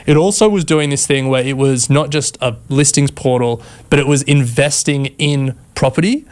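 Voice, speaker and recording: A man with a smooth, clear voice co-hosts a finance podcast. He talks in a relaxed, chatty way and laughs easily. His pitch sits in a middle range. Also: moderate pace. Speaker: podcast co-host. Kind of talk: casual chat.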